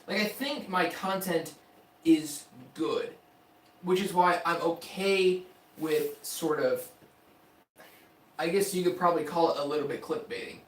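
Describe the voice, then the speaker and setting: A young man hosting a casual live stream, rambling and joking about his own tech videos in slangy talk. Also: a little high. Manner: loose, rambling, self-mocking, slangy. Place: his room, indoors. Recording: echoey room, mic at a distance.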